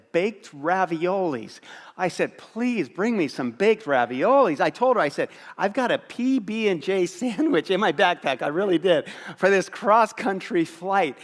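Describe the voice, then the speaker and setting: Male pastor, sermon, funny self-mocking storyteller, slightly high voice, long reverb of the church hall. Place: church auditorium.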